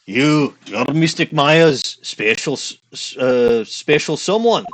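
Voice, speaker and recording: A man's voice: on the high side, animated, slow, fairly bright tone. A man playing through a game, reading the dialogue aloud in a goofy put-on Scottish accent and commenting on the story. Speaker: let's play streamer.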